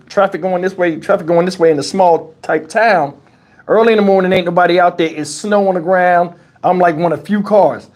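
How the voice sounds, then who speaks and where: A man hosting a livestream, telling a story in casual, profane chat and acting out the dialogue as he goes. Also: high-pitched. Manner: animated, profane, acts out quoted dialogue. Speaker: livestream host. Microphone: wireless lavalier.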